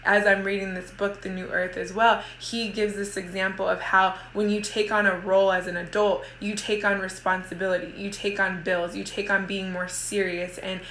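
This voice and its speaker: A woman in her thirties talks casually and motivationally, rambling and peppering her speech with "like" as she restarts her sentences. Her voice is bright and forceful. The sound rings around an echoey room. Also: mid-range voice, little pitch movement, normal speed, hardly any pauses, a little hiss or hum. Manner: rambling, heavy use of "like", frequent restarts. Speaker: mother and women's group coach.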